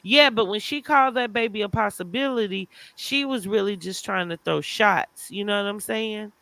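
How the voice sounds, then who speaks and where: Livestream host, male, bright and smooth, excitable gossip chatter. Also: high voice, normal speed, no room sound, rough recording. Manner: animated, reads chat comments aloud, exclaims. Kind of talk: casual livestream gossip chat.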